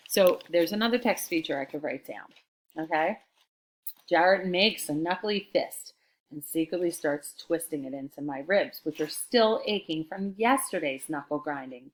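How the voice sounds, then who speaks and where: A woman's voice: low-pitched, moderate pace. A woman teacher reading a chapter book aloud and explaining it to her students in a remote lesson. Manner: chatty, explanatory, expressive reading.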